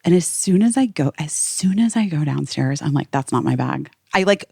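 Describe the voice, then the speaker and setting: A woman's voice: lowish voice, fairly quick, gravelly, slightly rough, no echo, studio quality. A woman hosting a podcast, telling a story in casual chat with lots of fillers. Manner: animated storytelling with many "like" fillers. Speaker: podcast host.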